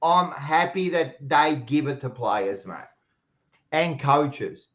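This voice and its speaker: A man's voice: a little high, lively intonation, slow pace. An Australian man in a heated casual debate, blunt and combative, calling everyone mate. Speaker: podcast panelist. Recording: dull lo-fi sound.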